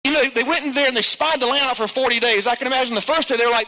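A male pastor delivers an animated sermon in a very high, piercingly bright voice. He acts out the people he quotes and drops his voice low when he drives a point home. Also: fast talker, hardly any pauses, low-quality recording.

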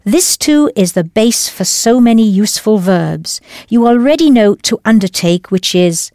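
Slow, patient woman teaching. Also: mid-range voice, lively intonation, warm tone, no echo, studio quality. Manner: patient, deliberate explaining with model phrases. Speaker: language teacher. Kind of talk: scripted audio language lesson.

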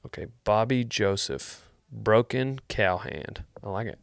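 A man hosting a vlog, answering viewer questions in a rambling, deadpan joking chat. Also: fairly low pitch, a little slow, creaky, dry recording. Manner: joking, deadpan, wandering asides.

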